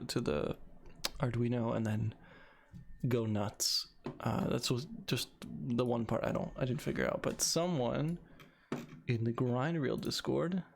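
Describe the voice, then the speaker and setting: A man's voice: mid-range voice, creaky, slight background noise. A young man casually talking through his coding project, thinking aloud with frequent restarts. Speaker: video creator.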